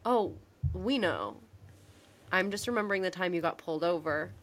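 A woman's voice: on the low side, moderate pace. A young woman co-hosting a podcast, chatting casually and acting out lines as she recaps a TV episode. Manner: animated storyteller, acts out quotes. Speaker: podcast co-host.

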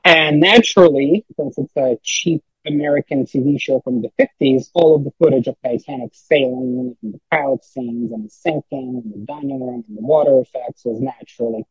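Husky-voiced man rambling in casual chat. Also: fairly high pitch, expressive, moderate pace, hardly any pauses, dry recording, lo-fi sound. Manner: rambling, many fillers and restarts. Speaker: podcast guest.

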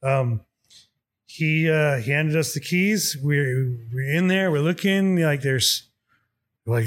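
Taking it slowly, a man with a slightly high voice tells a story in casual chat. He's profane and animated, swearing freely and acting out both sides of the dialogue.

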